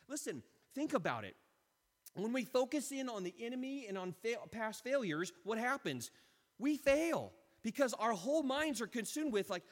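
A man preaching a sermon as pastor, impassioned and emphatic, dropping suddenly to quiet lines. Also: high voice, big-room sound.

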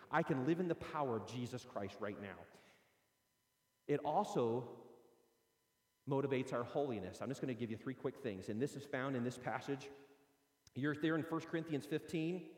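A man preaching a sermon as pastor, swinging between loud, high proclaiming and low, quiet asides. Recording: roomy hall with long reverb.

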